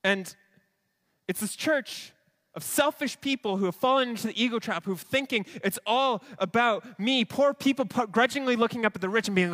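A man delivers an earnest sermon in a fairly high voice. He talks plainly to the congregation, slips into quoted asides and often restarts a sentence mid-thought. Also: a little fast, fairly bright tone. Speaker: pastor.

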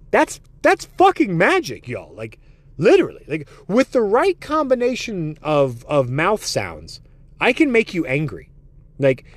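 Animated, foul-mouthed man. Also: on the high side, dry recording. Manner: profane, rambling and excitable. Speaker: podcast host. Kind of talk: comedic podcast monologue.

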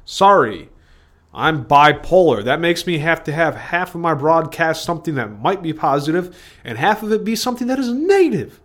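Rambling, higher-voiced man on a solo podcast. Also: sing-song, brisk. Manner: digressive, stream-of-consciousness, self-interrupting. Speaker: podcast host.

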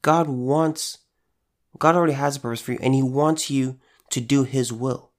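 At a normal speed and in a steady, medium-pitched voice, a man preaches an informal devotional talk. He's earnest and conversational, repeating phrases to stress them and restarting as he goes.

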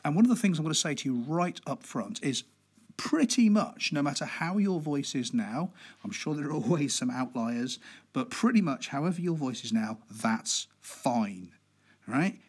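A man with a husky, slightly breathy voice talks through a podcast on public speaking. He stays relaxed and conversational, dropping in fillers and keeping the pace deliberately slow. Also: fairly high pitch. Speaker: podcast host.

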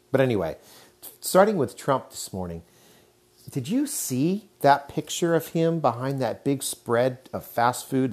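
Solo podcast host, man in his thirties, low voice, loose rambling delivery. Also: darkish tone. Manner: chatty, rambling, frequent fillers. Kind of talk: casual solo podcast talk.

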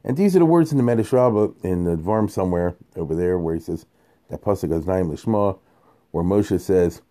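Animated man giving a casual Torah talk. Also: deep voice, a little fast. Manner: animated, conversational, heavy Yiddish and Hebrew terms. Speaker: Torah teacher. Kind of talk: informal Torah lecture.

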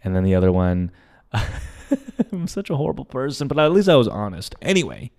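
Animated young man telling a story. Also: mid-range voice, normal speed. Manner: animated, swears often, acts out his own and others' lines. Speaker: podcast host. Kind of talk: candid storytelling.

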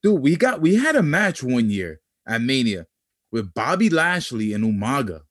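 A man's voice: mid-range voice, sing-song, moderate pace. A man in casual podcast chat about wrestling, talking conversationally with frequent "you know what I'm saying" asides.

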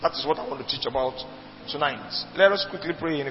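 High-pitched guy preaching, emphatic, big echoey hall, dull lo-fi sound. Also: fast talker, soft background music. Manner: emphatic, repetitive preaching with call-and-response. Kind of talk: sermon. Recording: dull lo-fi recording with long reverb.

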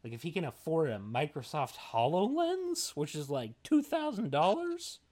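A man's voice: fairly high pitch, huge pitch swings, moderate pace, a little mellow. A young man co-hosting a casual podcast chat, rambling with lots of fillers and tangents, sounding tired. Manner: rambling, filler-heavy, self-deprecating. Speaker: podcast co-host.

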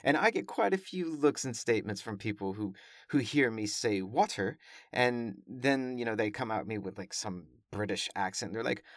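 Low-voiced man, over-enunciating. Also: a little fast, fairly bright tone, no room sound, clean studio sound. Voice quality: carefully over-enunciated speech. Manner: chatty, self-correcting, with frequent fillers. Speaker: professor and podcaster. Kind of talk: casual monologue.

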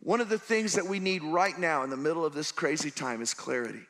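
A man preaching a sermon as a pastor, telling stories with lively character voices and shifting between shouts and soft moments. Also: a little high, fairly quick. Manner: animated storytelling, voicing characters.

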